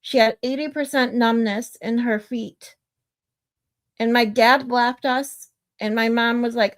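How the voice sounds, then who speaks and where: A middle-aged woman with a slightly high voice talks casually to her livestream audience. She rambles, drifts into side stories and reads out viewer comments. She laughs easily. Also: steady tone, measured pace. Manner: laughs often. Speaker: livestream host.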